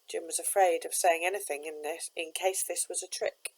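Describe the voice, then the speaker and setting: A woman, a teacher, reading a children's novel aloud with steady, expressive narration. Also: fairly low pitch, normal speed, few pauses, low-quality recording.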